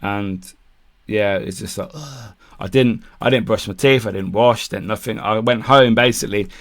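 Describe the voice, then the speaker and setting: A man's voice: lowish voice, moderate pace. Bloke on a podcast, swears a lot, does everyone's lines, laughs as he goes. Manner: swears freely, acts out quotes, laughs mid-story. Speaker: podcast co-host. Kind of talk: casual storytelling chat.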